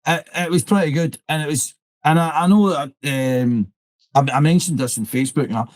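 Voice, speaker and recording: A middle-aged Scottish man recalls old army pipe band days in a relaxed interview. He rambles, stumbles over his words and keeps slipping "I says" into his telling. The sound is dry and close, with little room around it. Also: on the high side, fairly quick, no room sound, poor audio. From Scotland. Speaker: interview guest, military pipe band drummer. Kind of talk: conversational storytelling.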